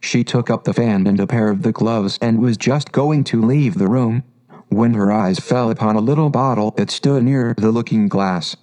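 A man narrating a classic storybook in a measured, unhurried reading. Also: on the low side, mellow, rough recording.

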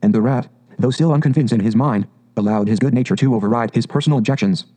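Mellow-voiced man reading a storybook. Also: mid-range voice, low-quality recording. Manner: measured, expressive reading. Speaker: audiobook narrator.

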